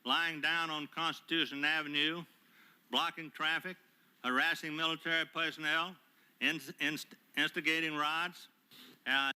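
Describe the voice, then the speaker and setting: An older man, a retired admiral, giving prepared testimony at a hearing in a formal, measured way with frequent hesitant pauses, speaking into a table microphone. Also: on the high side, fairly even intonation, pushed and bright, clear, resonant tone. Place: hearing room.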